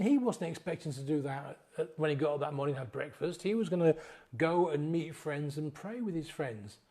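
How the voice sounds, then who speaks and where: A male sobriety coach with a warm, somewhat high voice gives an earnest, pleading motivational talk to the camera. He is emotional and close to tears, frequently checking in with "yeah?"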